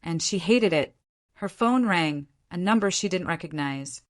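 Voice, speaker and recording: A woman reads a romance story aloud in scripted narration. Her voice sits on the low side, and her delivery is dramatic and measured. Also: animated.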